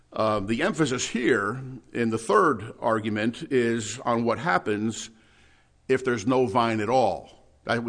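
A middle-aged man preaching a sermon, emphatic, with loud stressed words and quiet asides. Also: medium pitch. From New Jersey.

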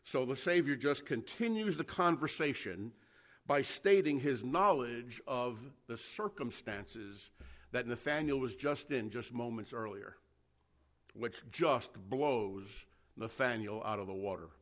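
A man's voice: medium pitch, animated, unhurried, fairly bright tone. Man preaching in a chatty, conversational way. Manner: conversational preaching with tag questions, chuckles and repeated restarts. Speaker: pastor. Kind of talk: sermon.

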